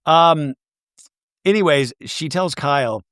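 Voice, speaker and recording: A man hosting a comedic podcast recapping reality TV, rambling and animated with jokey asides. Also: on the high side, slow, smooth, dry recording, clean studio sound. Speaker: podcast host.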